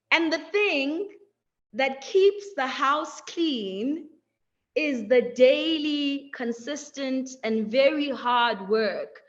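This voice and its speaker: A young woman with a high voice gives a reflective motivational talk, letting her phrases stretch out and tagging them with "right?". The audio is a bit dull and muffled, like a typical webinar call. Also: fairly bright tone. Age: young adult. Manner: measured, drawn-out phrasing, frequent "like" and "right?". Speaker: webinar speaker.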